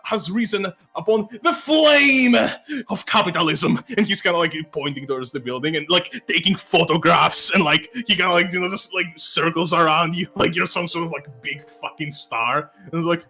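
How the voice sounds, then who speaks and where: A man's voice: fairly high pitch, brisk, hardly any pauses, pushed and bright, husky, faint music behind. A man narrating as game master of a tabletop game, laid-back and joking.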